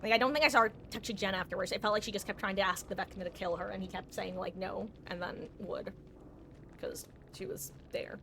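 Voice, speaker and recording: Speaking quickly at a medium pitch with fairly even intonation, this woman chats loosely with viewers while streaming a game live. There's noise in the background, and she laughs a lot and keeps correcting herself as she rambles.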